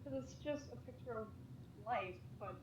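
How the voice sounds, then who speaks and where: Teasing co-streamer, a woman with a slightly high voice, over a noisy background. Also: normal speed. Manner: teasing, joking asides. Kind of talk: casual banter.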